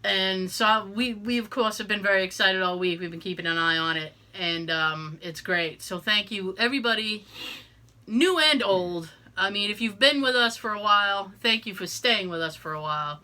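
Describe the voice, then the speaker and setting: A woman's voice: medium pitch, moderate pace, pushed and bright. A woman co-hosting a podcast in casual chat, talking in a rambling way with lots of fillers and restarts. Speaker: podcast co-host.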